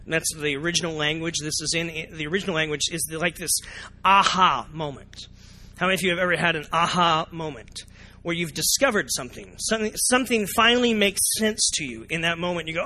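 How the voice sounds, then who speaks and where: A man preaching a sermon as pastor, animated and often asking the congregation questions. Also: high-pitched, fairly quick. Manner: animated, asks the congregation questions, acts out reactions. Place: church sanctuary.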